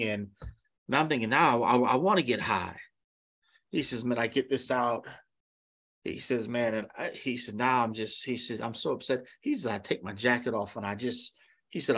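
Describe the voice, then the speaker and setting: Man, pastor, sermon, storytelling, emphatic preaching, slightly high-pitched. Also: a bit bright. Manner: storytelling with quoted dialogue, then preaching with rising emphasis.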